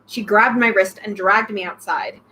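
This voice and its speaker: A young woman reading a novel aloud, breaking off with excited comments about the myths. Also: mid-range voice, moderate pace, a little hiss or hum, rough recording. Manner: excited outbursts between read passages. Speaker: reader, channel host.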